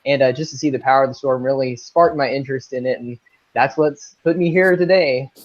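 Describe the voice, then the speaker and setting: A man's voice: medium pitch, a little fast, no room sound. A young man from Northeast Texas, a guest meteorologist on a casual interview, polite and eager. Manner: polite, says "yes, sir", eager. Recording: dull lo-fi video call.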